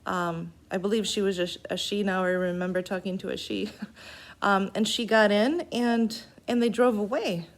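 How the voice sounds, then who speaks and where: A woman recounting a personal event in an unscripted way, halting and earnest, with pauses. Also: medium pitch, fairly even intonation.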